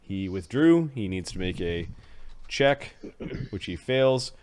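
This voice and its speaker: A man's voice: deep voice, sing-song, takes it slowly, a little mellow, a little hiss or hum. A man narrating a tabletop game as game master, talking animatedly with frequent restarts.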